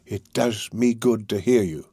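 A man reading an audiobook, voicing a scheming, wheedling old male fence who talks in a slow, ingratiating drawl. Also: on the low side, mellow, slightly rough, no echo, studio quality. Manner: ingratiating, drawn-out.

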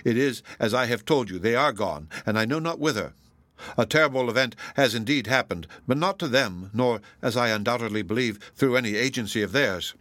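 A stern young artist, read by a man narrating a book, talks gravely and earnestly at an ordinary pitch. The sound is dry and close. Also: expressive, fairly quick, a bit bright, no echo, lightly acted. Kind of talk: audiobook reading.

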